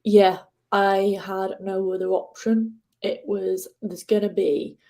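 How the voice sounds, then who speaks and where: A young woman in her twenties, a guest talking through a personal story in a relaxed interview. Her telling is chatty and vivid, and she slips into higher, animated bursts when she acts out her own outbursts. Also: takes it slowly. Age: 20s. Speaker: guest, ocean rower.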